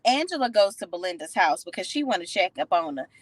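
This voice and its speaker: A woman giving a casual recap of a TV episode, sassy and opinionated, retelling scenes with animated commentary. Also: fairly low pitch, fast talker, no room sound, low-quality recording. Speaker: TV show recap reviewer.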